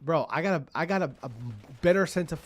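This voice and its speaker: A man's voice: a little high, fast. A man streaming gameplay, ranting profanely at teammates and repeating himself. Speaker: gaming streamer. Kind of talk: casual gameplay commentary. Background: gunfire from the game.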